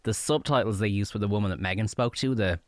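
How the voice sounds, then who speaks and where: A man's voice: on the low side, quick pace, dry recording, studio quality. An Irish man doing a chatty, catty and mocking podcast recap segment. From Ireland. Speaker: guest segment contributor.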